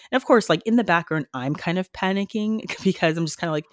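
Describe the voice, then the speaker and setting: A woman's voice: lowish voice, fast, few pauses, no echo. Woman nurse talking on a podcast, earnest, lots of ums and restarts, dry sound. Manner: earnest, many fillers and restarts. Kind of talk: podcast conversation. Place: Canada.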